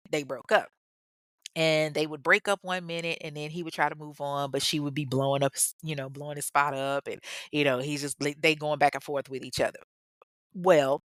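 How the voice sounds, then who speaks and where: A woman's voice: lowish voice, fairly bright tone, no room sound, studio quality. A young woman retelling a true-crime story in casual talk, blunt and profane, with mocking asides.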